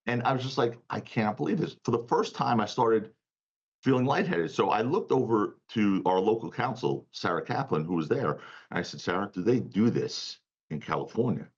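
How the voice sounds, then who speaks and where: Lively husky-voiced man telling a story. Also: medium pitch, fairly quick, dull audio. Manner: emphatic, laughs while telling stories. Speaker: defense attorney guest. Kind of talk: animated storytelling interview.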